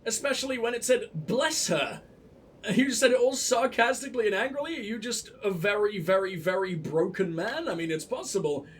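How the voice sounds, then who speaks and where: A man's voice: high-pitched, fairly quick, few pauses. A young man giving sarcastic, profane commentary while playing a game, mocking the characters. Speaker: let's play gamer.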